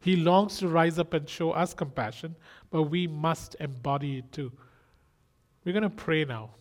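A man's voice: on the high side, normal speed. A man preaching a sermon in an earnest style, asking rhetorical questions and exclaiming.

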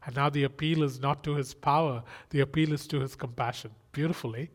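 A man's voice: medium pitch, fairly even intonation, brisk. A man preaching a sermon in an earnest style, asking rhetorical questions and exclaiming.

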